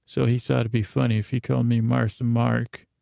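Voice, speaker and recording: A man voicing a wry young woman ventriloquist in his own halting, rambling voice. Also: mid-range voice, flat delivery, vocal fry, warm tone, no echo, studio quality.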